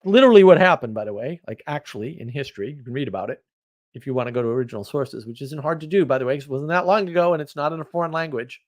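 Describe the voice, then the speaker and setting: A man hosting a casual livestream, chatting and reacting to viewer comments in a rambling, opinionated way, often getting louder or dropping suddenly to a mutter. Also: on the high side, lively intonation. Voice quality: rambling, opinionated, quick shifts in loudness. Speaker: livestream host.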